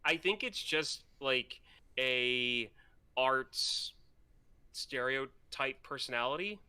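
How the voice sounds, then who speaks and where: A man co-hosting a film podcast, speaking haltingly and hedging as he searches for words. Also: medium pitch, expressive, sharp tone, smooth, no echo. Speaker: podcast co-host. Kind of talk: casual chat.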